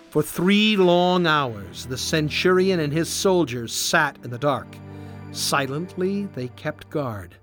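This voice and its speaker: A man tells a children's story at an unhurried pace, his voice rising and falling with expression. His pitch sits a touch high, and steady music plays beneath him. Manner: slow, expressive. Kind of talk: storybook narration. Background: background music.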